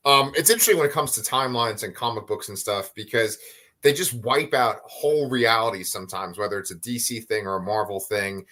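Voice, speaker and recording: A man co-hosting a live review show from a home bedroom over a video call, talking in a casual, animated way and swearing now and then. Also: lowish voice, a little fast. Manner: animated, swears casually, tries silly voices. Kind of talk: casual chat.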